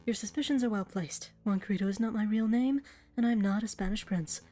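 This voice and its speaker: A woman's voice: mid-range voice, fairly quick, dark tone, faint music behind, natural voice. Woman doing a sly scheming bird prince. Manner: smooth, evasive, theatrical. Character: sly male bird investigator posing as prince.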